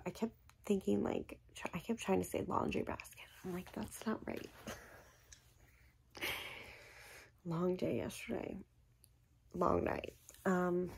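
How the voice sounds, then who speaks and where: A woman's voice: on the low side, gravelly, warm tone, slightly rough. A woman in her thirties chatting casually to her viewers as a vlogger, rambling through a story with many fillers and sometimes dropping to a whisper. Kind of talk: casual chat.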